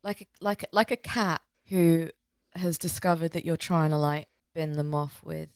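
A woman's voice: low voice, moderate pace, clear, resonant tone, no echo, studio quality. A young woman co-hosting a casual podcast, telling a rambling story full of fillers and restarts. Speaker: podcast co-host.

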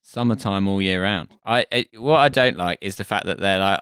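A man's voice: low-pitched, fairly quick, hardly any pauses, a bit bright, clear, resonant tone, dry recording, clean studio sound. A man co-hosting a comedy podcast, chatting casually and rambling into jokes and silly voices. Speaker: podcast co-host.

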